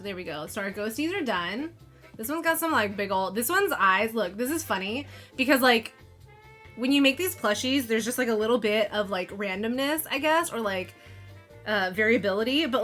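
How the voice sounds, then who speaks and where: Woman, Valley Girl inflection, rambling live-stream chatter, lots of "like", bright sharp tone, slightly high voice. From Missouri, USA. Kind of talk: casual live-stream chat. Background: faint background music.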